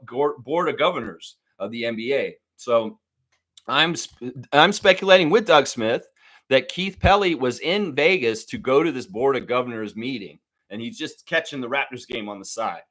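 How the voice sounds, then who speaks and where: A man hosting a live sports reaction show, profane and ranting, swinging between muttering and shouting. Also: a little high. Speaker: sports fan show host.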